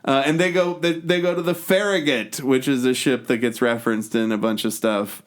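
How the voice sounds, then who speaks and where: Guy on a podcast rambling through a movie plot, cussing, mid-pitch voice. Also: fairly even intonation. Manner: loose, profane movie recap with quick quoted impressions. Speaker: podcast co-host. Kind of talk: casual chat.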